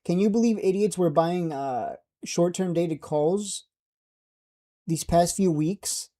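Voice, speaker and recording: Man, market streamer. Brash, joking, dark tone. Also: high-pitched, slow pace. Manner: brash, joking, laughs at own jabs. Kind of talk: casual market commentary.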